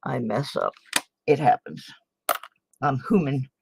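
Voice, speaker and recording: Slow-talking chatty older woman host. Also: extremely low pitch, big pitch swings, gravelly, mellow, a little hiss or hum, low-quality recording. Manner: chatty, self-deprecating, muttering asides. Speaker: channel host, coin roll hunter. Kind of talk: casual livestream chat while sorting coins. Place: home desk in a small town.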